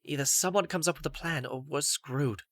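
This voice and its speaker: A woman's voice: low-pitched, normal speed, dry recording, studio quality. A woman voicing a blunt young male mage healer in an audiobook, speaking in a matter-of-fact way. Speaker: voice actor. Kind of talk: audiobook character voice.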